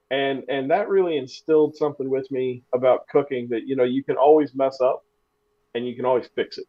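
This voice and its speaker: A man in the middle of a relaxed podcast chat, spinning a story with self-deprecating humor and stumbling over his restarts. His voice sits at an ordinary pitch. The recording sounds a little dull and lo-fi. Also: fairly quick. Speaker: podcast co-host. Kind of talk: casual chat.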